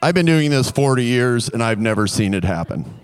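A man putting on the voice of an older male doctor who speaks slowly and matter-of-factly. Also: mid-range voice, sing-song, clear, resonant tone, pitched below the performer's own voice, natural voice. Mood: dismissive. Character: gruff older male ear-nose-throat doctor, unflappable.

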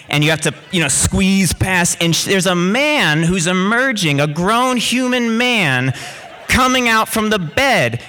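A man telling an animated personal story in a lively, rambling way, full of vivid asides. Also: high-pitched.

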